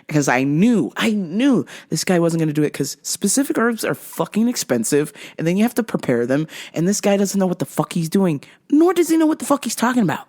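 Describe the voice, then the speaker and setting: A woman's voice: on the low side, brisk, hardly any pauses. A woman hosting a comedy show, telling a story with lots of profanity and acting out the dialogue. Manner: profane, animated, acts out dialogue. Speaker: host.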